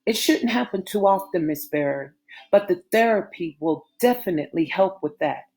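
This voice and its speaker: A woman reading the part of Joshua, a calm male therapist who reassures his patient. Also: on the low side, moderate pace. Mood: reassuring.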